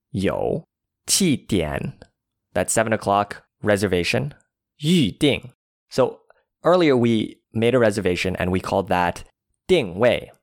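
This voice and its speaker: Low-voiced man explaining phrases. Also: dry recording, studio quality. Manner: explains word by word, spelling out tones. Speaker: language teacher playing a diner. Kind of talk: language lesson.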